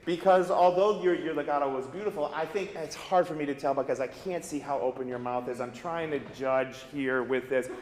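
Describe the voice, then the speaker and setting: A man's voice: on the high side, a little fast, hardly any pauses, darkish tone, a little hiss or hum. Encouraging male voice teacher in a hall. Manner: encouraging, informal, with many fillers. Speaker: voice teacher leading a master class. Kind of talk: coaching a singer in rehearsal. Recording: roomy hall reverb with piano.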